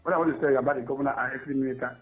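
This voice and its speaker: A man calling into a radio show with a Nigerian Pidgin accent, talking rapidly and repeating himself. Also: medium pitch, fairly even intonation. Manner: rapid and repetitive. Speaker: caller. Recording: tinny phone line with music behind.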